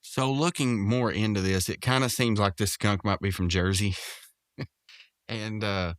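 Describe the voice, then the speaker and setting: Low-voiced man rambling through a cartoon recap. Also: steady tone, a little slow, dry recording, studio quality. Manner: rambling, full of fillers and restarts, quotes characters in raised voices. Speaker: podcast host recapping a cartoon episode. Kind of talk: casual episode recap.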